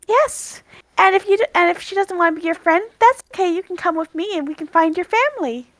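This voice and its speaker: A woman playing a kind young adventurer, speaking softly and reassuringly. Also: high-pitched, expressive, moderate pace, dry recording, low-quality recording. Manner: soft, reassuring, earnest.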